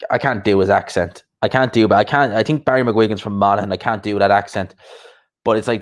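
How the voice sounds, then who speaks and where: A man's voice: lowish voice, fairly quick. A man hosting a live boxing chat, rambling casually and answering viewers' comments.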